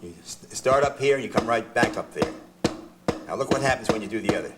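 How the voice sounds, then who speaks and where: An older man teaching drum technique, talking in a chatty, halting way with restarts as he demonstrates. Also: mid-range voice, animated, over loud music. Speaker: drum instructor. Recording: drums heard in the room. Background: drum strokes between phrases.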